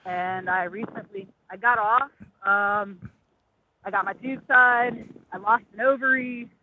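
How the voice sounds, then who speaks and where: A woman in her thirties calls in with a question, speaking hesitantly and using lots of fillers. Her mid-range voice is steady and a little slow, heard over a tinny phone line with faint hiss.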